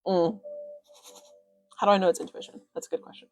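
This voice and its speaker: A young woman coaching on a phone live stream, rambling casually with lots of fillers and quick bursts of excitement. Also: mid-range voice, faint music behind.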